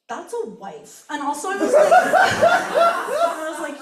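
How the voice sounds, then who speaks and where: A woman's voice: sits high, very animated, drawn-out words, pauses often. A woman doing open mic stand-up, telling a rambling story with many fillers and frequent giggles. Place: bookstore event space. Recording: echoey room from far off, with crowd. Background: audience laughter.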